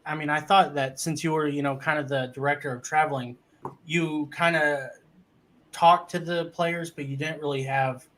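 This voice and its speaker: Man asking rambling, halting questions. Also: on the high side, steady tone, fairly bright tone. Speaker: show host. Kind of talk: casual interview.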